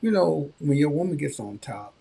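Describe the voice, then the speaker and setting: A man hosting a podcast, telling a personal story in casual conversation and giving frank advice, with animated bursts when he quotes others. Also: on the high side, moderate pace, gravelly, husky. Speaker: podcast host.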